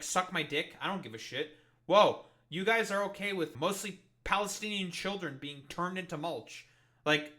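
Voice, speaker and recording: Bright-voiced profane young man ranting. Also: high voice. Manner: rambling, profane, sarcastic. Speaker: streamer reacting to clips. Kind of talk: casual profane reaction commentary.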